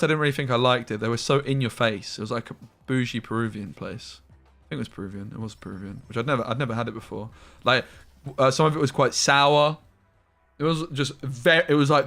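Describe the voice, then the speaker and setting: A man's voice: mid-range voice, brisk, fairly bright tone. A young man chatting casually while streaming a game, telling rambling stories with slang and the odd swear word. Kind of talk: casual live-stream chat over gameplay.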